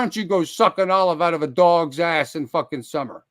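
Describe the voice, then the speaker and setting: A man ranting on his own live stream, his voice sitting a little high for a man. He rambles, restarts and curses constantly, confronting people by name and breaking into loud outbursts. The sound is dry and close, with no room around it. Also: fairly quick, dry recording. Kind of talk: heated live-stream rant.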